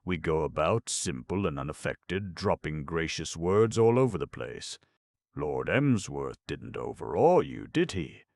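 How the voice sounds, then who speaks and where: A man playing a suave, wordy gentleman. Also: rumbling low, sing-song, unhurried, vocal fry, dry recording, heavily acted. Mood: mock-grand. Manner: elaborate and mock-solemn. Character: suave, verbose, self-assured young gentleman.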